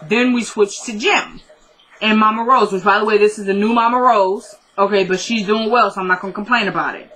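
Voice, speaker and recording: A woman's voice: mid-range voice, moderate pace, a bit bright, slight background noise, poor audio. A woman giving a casual, chatty recap of a TV episode, retelling scenes line by line and adding opinionated asides. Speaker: TV recap vlogger.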